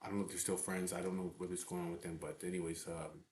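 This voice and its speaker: A man's voice: deep voice, little pitch movement, fast, a little mellow, slight background noise. A man casually telling a story from his garage hangout, in a blunt, profane way, often adding "you know what I mean.". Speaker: biker club member telling a story. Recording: echoey room.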